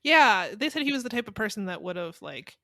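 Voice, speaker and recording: Woman podcast cohost, chatty and giggly, mid pitch, dry close mic. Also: big pitch swings, brisk, fairly bright tone, no room sound. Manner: laughs often, hedging asides. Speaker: podcast co-host. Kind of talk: casual chat recapping a mystery.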